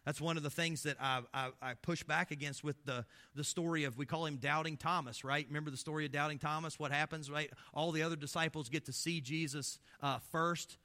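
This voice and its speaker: A man delivers a sermon as a pastor, his voice sitting a bit high with a sharp, bright edge. He preaches with passion and fires off rhetorical questions. His loudness rises for emphasis, then drops into hushed, low passages. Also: fairly even intonation, fairly quick, few pauses. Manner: impassioned, full of rhetorical questions, swelling and dropping in loudness.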